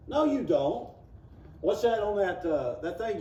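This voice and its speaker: A man's voice: sits high, sing-song, unhurried, mellow. A man teaching an informal Bible class in a church room, reading scripture and acting out the people he quotes. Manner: folksy, acts out the people he quotes; reads scripture aloud, then explains it. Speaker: Sunday school teacher. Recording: roomy, distant, dull room recording.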